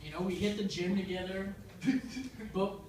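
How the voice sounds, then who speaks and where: A young man with an American accent performing a stand-up set, telling his stories deadpan and breaking into sudden loud outbursts. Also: high-pitched, moderate pace. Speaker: stand-up comedian. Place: comedy club stage. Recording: echoey club room from far off, noisy. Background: audience laughter.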